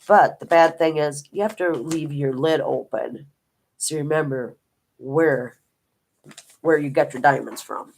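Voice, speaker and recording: Older woman, low pitch, casual vlog chat, meandering storyteller. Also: unhurried, creaky, darkish tone, slight background noise. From Minnesota. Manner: rambling, homey storytelling with many restarts. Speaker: diamond painting vlogger.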